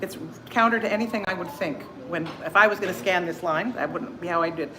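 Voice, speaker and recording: A woman teaching a group singing class, singing lines and then coaching in quick, chatty, self-deprecating asides. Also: lowish voice, noisy background.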